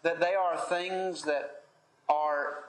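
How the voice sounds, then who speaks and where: A man preaching a sermon in an earnest, measured way, pausing often as he leads a Bible study. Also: on the high side, steady tone, roomy sound.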